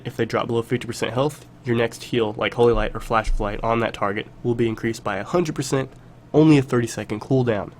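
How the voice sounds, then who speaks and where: A man narrates a game tutorial in a relaxed, chatty voice-over. His voice is stuffy and nasal, as if he is holding his nose, because he has a cold. He sits at a mid pitch and stresses his points by repeating them. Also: slight background noise. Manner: relaxed, chatty, emphatic repetitions. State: congested, stuffy nasal voice from illness. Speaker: game guide creator.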